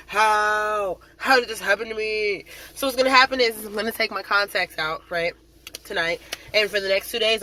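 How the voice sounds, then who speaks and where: A woman's voice: medium pitch, moderate pace, bright, forceful tone. A woman drill sergeant chatting casually in a vlog, dramatic and full of fillers.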